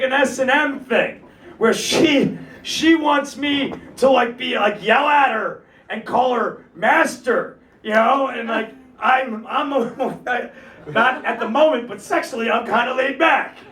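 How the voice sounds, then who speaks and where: A man in his thirties with a very high voice tears through a stand-up set, shouting his rants and laughing through them, swearing freely. He is heard from a distance, and the room around him rings with echo. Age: 30s. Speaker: stand-up comedian.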